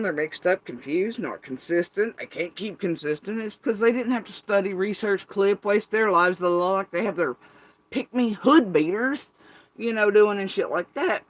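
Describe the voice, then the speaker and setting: A man, ranting profanely and with exasperation during a livestream monologue. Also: fairly bright tone. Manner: profane, exasperated, mocks others in high put-on voices. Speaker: livestream creator.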